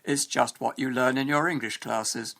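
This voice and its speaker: Gravelly-voiced man explaining English. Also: medium pitch, steady tone, a bit bright. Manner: measured, explanatory. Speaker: English teacher. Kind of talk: scripted educational narration.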